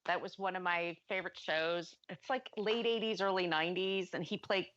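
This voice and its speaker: A woman's voice: fairly low pitch, moderate pace, fairly bright tone, muffled recording. A woman co-hosting a podcast, chatting and telling a story in an easy, friendly way. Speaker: podcast co-host. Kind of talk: casual chat.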